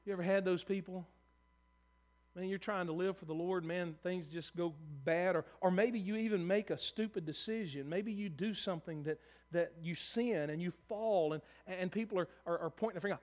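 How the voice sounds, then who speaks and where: Male pastor, high voice, earnest conversational preaching with restarts. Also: moderate pace, darkish tone. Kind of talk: sermon.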